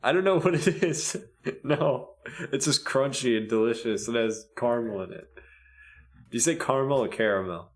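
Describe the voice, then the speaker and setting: A man's voice: medium pitch, steady tone, moderate pace. Laid-back young man, easy laugh. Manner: laid-back, laughs often, swears casually. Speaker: podcast co-host. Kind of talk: casual chat.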